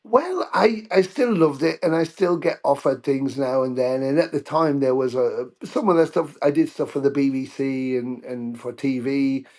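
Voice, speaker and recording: A middle-aged British man telling anecdotes in a casual interview, animated when he quotes others. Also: medium pitch, normal speed, hardly any pauses. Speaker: guest musician.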